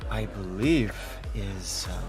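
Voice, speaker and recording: A man's voice: sits low, slow, music in the background. A man playing a tabletop game, talking casually and unsure of himself. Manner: hesitant, questioning. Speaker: player. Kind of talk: casual chat.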